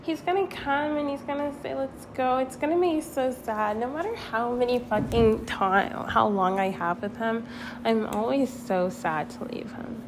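A woman's voice: on the high side, normal speed, noisy background. A young woman vlogging in a casual rambling monologue, candid and swearing, laughing at herself. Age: young adult.

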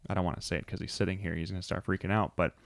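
A man in his thirties co-hosting a podcast, telling a relaxed story in casual chat. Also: low voice, very fast, vocal fry, no echo, clean studio sound. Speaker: podcast co-host.

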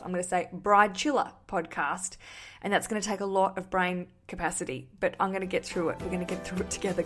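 A woman hosting a casual podcast, replying to listener voice messages in a chatty, ranty, self-mocking way with casual swearing. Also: mid-range voice. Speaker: podcast host.

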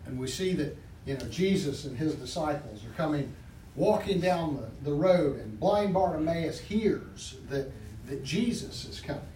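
High-pitched guy preaching in a church, fervent, kinda far off the mic, lots of room echo. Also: expressive, measured pace, warm tone. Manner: fervent, repeats praise words, restarts phrases. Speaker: pastor. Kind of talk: sermon with spoken prayer. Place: church sanctuary. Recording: echoey room, far from mic, faint background noise.

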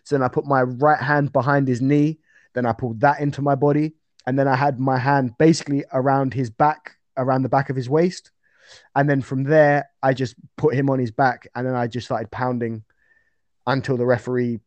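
A man's voice: medium pitch, level tone, moderate pace, a little mellow, dry recording, muffled recording. Chatty young man, dry close sound. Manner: chatty, rambling with fillers and restarts. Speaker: interview guest, amateur fighter. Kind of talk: casual interview chat.

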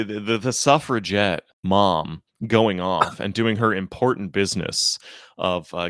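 A man's voice: deep voice, fairly bright tone, clear, resonant tone, dry recording, clean studio sound. A man co-hosting a podcast in casual chat, sarcastic and prone to exaggerated mock praise, often restarting and repeating words. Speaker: podcast co-host.

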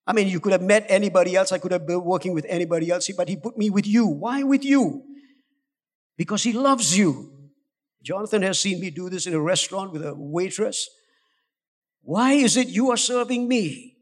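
A man's voice: sits high, lively intonation, moderate pace. A male pastor preaching a sermon, urging and coaxing his congregation with rising intensity. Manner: urgent, exhorting, rising to shouts, coaxing the congregation. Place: church hall. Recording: long hall reverb.

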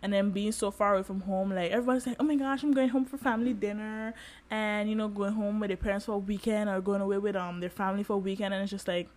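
A young woman in her twenties hosting a podcast, talking candidly in a personal monologue, with lots of fillers and animated emphasis. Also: mid-range voice, fast talker. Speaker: podcast host.

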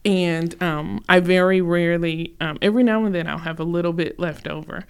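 A woman's voice: fairly low pitch, fairly even intonation, brisk, smooth. A woman who owns a bakery, telling stories as a guest in a casual chat, laughing often. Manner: chatty storyteller, laughs often. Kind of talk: casual conversation.

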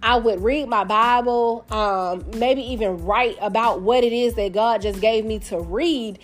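A woman hosts a podcast, chatting in a candid, sassy way. Her voice sits a little high, with faint music behind her. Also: unhurried. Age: 30s. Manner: candid and sassy, addresses listeners as y'all and baby. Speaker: podcast host. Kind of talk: casual storytelling monologue.

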